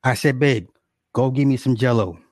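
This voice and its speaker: A man's voice: mid-range voice, moderate pace, darkish tone, no room sound. A young man at home telling his viewers a story in a casual rant, indignant and exaggerated, swearing and laughing often. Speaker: livestreamer talking to viewers.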